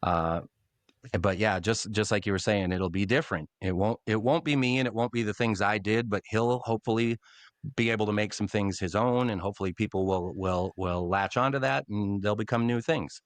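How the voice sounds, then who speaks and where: A middle-aged man, a longtime public address announcer, telling animated stories in a casual podcast interview. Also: on the low side, brisk, dry recording. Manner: animated storyteller, acts out quotes.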